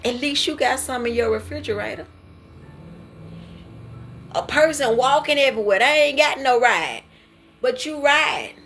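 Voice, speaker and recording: A woman's voice: sits high, expressive, a little slow, pauses often, fairly bright tone, a little hiss or hum. Earnest woman preaching informally. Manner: earnest, repetitive, testifying. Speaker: devotional speaker.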